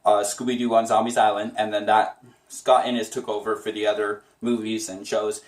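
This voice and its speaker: A man's voice: fairly low pitch, level tone, normal speed, roomy sound. A man giving a casual, chatty tutorial on doing a cartoon voice, enthusiastic and rambling. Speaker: voice impression tutor.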